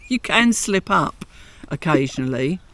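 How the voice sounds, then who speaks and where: A man's voice: on the high side, lively intonation, takes it slowly, a bit bright. Chatty man with a South London accent. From England. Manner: chatty, self-deprecating, laughs easily. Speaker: podcast co-host. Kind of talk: casual chat. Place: home in France.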